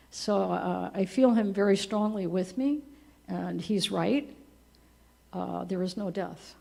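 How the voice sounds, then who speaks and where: A woman in her seventies giving a eulogy for her husband at a church memorial, telling gentle, conversational stories and laughing softly at them. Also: on the low side, creaky. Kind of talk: personal storytelling at a memorial service. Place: church service.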